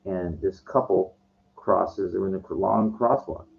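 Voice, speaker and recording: A man's voice: deep voice, fairly even intonation, measured pace, creaky, slight background noise. A man telling a story in a casual rant, agitated and profane, often stumbling and restarting his sentences. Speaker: vlogger. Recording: dull lo-fi recording.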